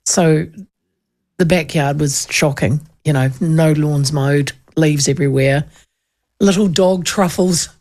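A woman's voice: low-pitched, slow pace, darkish tone. A middle-aged woman with a New Zealand accent, hosting a show and telling stories in a chatty way, laughing often. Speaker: radio host. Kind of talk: casual chat.

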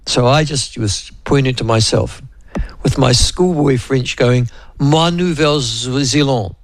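A man's voice: mid-range voice, unhurried, no echo. A man with a New Zealand accent hosting a casual radio chat, rambling with lots of fillers and restarts. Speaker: radio host.

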